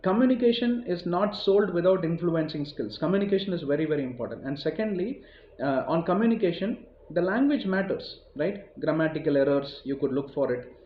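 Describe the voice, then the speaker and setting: A man's voice: fairly high pitch, animated, brisk, a little hiss or hum. A man with an Indian accent giving a motivational talk, rambling and conversational, full of "you know" and repeated phrases. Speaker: motivational speaker. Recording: roomy, dull lo-fi recording.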